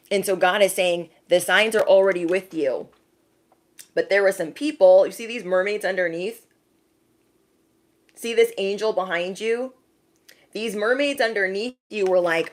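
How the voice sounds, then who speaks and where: A woman's voice: lowish voice, normal speed. A woman giving a spiritual tarot reading to camera, chatty, calling the listener bestie and slipping into exaggerated voices for people she quotes. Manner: chatty, calls the viewer bestie. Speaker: tarot card reader.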